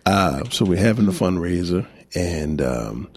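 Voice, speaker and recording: A man with a New Orleans accent hosting a casual radio interview, laid-back and lively, with a deep gravelly voice. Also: measured pace. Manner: laid-back, lively, repeats a drawled catchphrase, chuckles often. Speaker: radio show host.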